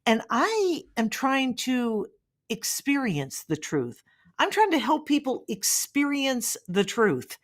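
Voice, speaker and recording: A woman's voice: fairly high pitch, sing-song, slow pace. A woman hosting a podcast interview, chatting casually and telling an anecdote with many fillers. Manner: conversational, many fillers and restarts, affirming. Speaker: podcast host.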